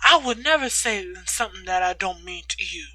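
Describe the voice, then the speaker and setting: A woman's voice: medium pitch, expressive, moderate pace, pushed and bright, no echo, pitched below the performer's own voice, poor audio. A woman voicing an earnest teenage boy in a story, speaking in close to her own voice.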